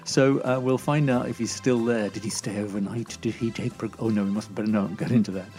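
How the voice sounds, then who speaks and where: A man's voice: fairly low pitch, fairly even intonation, a little fast, darkish tone, soft background music. A man hosting a comedy chat show, teasing his co-star and laughing often. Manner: giggly, teasing, lots of fillers. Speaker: host.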